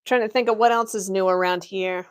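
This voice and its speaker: A young adult woman livestreams in character as an Imperial office worker, fielding chat questions with dry, matter-of-fact humor. Her mid-range voice holds a steady tone and moves a little fast.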